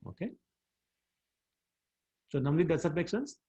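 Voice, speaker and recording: A man teaching a scripture class, retelling stories in an animated way and taking questions. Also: fairly high pitch, measured pace. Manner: animated storytelling, mixing in Hindi words. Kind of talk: storytelling scripture lesson.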